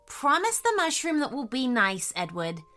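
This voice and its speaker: A woman doing an eager, high little girl. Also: very animated, normal speed, bright, forceful tone, soft background music, exaggerated voice. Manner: high, eager, shaky when scared. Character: young girl, curious and a little nervous.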